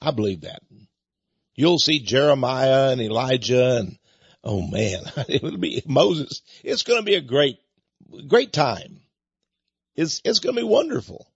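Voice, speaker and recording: A man's voice: mid-range voice, sing-song, unhurried, slightly rough, no echo, highs cut off. An older man hosting a talk radio show, rambling in a folksy way with chuckling asides. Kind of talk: talk radio monologue with book pitch.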